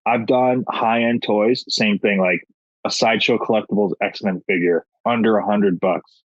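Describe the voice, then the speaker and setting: Male guest, animated joker, mid pitch, muffled dry recording. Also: moderate pace, dry recording. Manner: joking, animated storyteller. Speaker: podcast guest. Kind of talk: casual chat. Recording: dull lo-fi dry sound.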